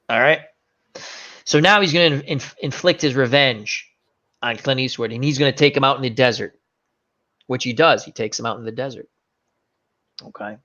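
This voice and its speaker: A man's voice: medium pitch, moderate pace, long pauses, sharp tone. A man hosting a casual chat, retelling scenes animatedly with fillers and self-corrections. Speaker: host. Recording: dull lo-fi recording.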